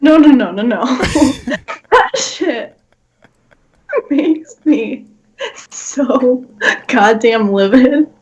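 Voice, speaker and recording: High-voiced young woman ranting emphatically. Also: animated, extremely slow, long pauses, a little mellow, muffled recording. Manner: exasperated, profane, emphatic. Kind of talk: casual comedic chat.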